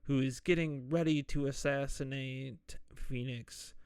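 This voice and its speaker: A man hosting a podcast, slowly and casually retelling a movie's plot with jokey asides. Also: medium pitch, steady tone, clear, resonant tone, dry recording, studio quality. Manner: slow, laid-back retelling with jokey asides and mock quoted voices. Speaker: podcast host. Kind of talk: casual solo movie recap.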